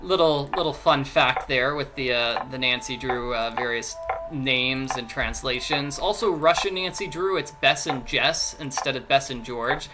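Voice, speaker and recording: A man's voice: medium pitch, a little slow, noisy background. A man chatting casually while streaming a video game, rambling from topic to topic and answering viewer comments. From United States. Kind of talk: casual chat over gameplay. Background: game music.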